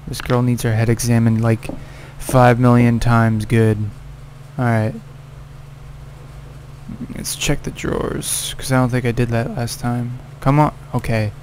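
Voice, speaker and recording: A let's play gamer with a mid-range voice gives casual gameplay commentary, cursing, exasperated, and yelling at the game character. There's slight background noise.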